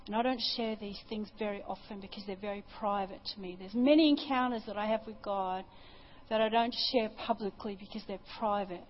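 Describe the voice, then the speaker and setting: A woman's voice: mid-range voice, steady tone, a little fast, lo-fi sound, faint music behind. A woman preacher giving an impassioned sermon and testimony at a church service, often repeating her phrases.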